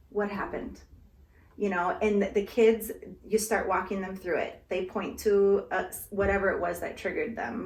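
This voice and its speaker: A woman in a calm, explanatory conversation about parenting, now and then slipping into the words a parent would say to a child. Her voice sits at an ordinary middle pitch. The room around her is echoey. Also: a little hiss or hum. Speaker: guest speaker on parenting. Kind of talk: casual conversation.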